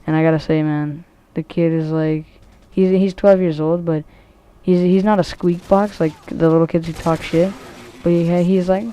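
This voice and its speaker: A woman's voice: on the low side, steady tone, moderate pace, hardly any pauses, dark tone. A woman giving casual, rambling commentary over a shooter match, swearing freely and full of ums and restarts. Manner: rambling, profane, many fillers and restarts. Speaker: gameplay commentator.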